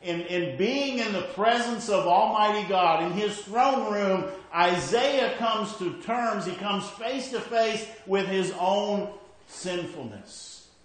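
A man preaching a sermon in a conversational way, often checking in with "okay?" and dropping quiet when he reads scripture aloud. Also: takes it slowly, very echoey, poor audio. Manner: rises for emphasis, then drops low and quiet when reading scripture.

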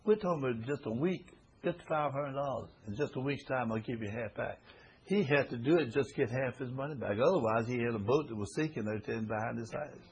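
A man's voice: medium pitch, fairly quick, darkish tone, lo-fi sound, slight background noise. A man teaching a Bible study class to a small group, reading scripture aloud and explaining it in a folksy way, often repeating phrases for emphasis.

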